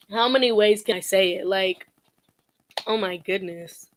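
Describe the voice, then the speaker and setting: A young woman chatting to camera in a sassy, blunt commentary style. She laughs often and mocks freely, her pitch sitting in an ordinary middle range. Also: steady tone, slow, long pauses. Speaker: commentary vlogger. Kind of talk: casual commentary chat.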